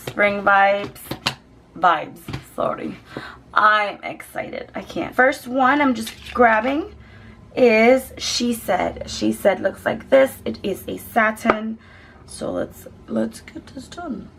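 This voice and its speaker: A woman beauty vlogger chatting excitedly and gushing over lip colours in a casual home swatch video. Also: mid-range voice, gravelly, noisy background. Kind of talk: casual makeup swatch vlog. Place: home, children nearby.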